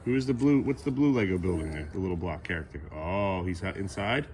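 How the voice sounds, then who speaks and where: A man's voice: low-pitched, fast talker, a little mellow, slight background noise. A man talking casually to his young son as a father, playful and coaxing, teasing him now and then.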